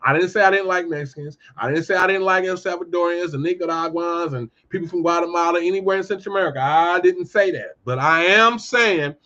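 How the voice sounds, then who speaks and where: A man hosting his own show, giving a heated, profane commentary monologue and telling animated stories. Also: high voice, a little fast, few pauses, lo-fi sound. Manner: profane, ranting, animated storytelling. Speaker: podcast host.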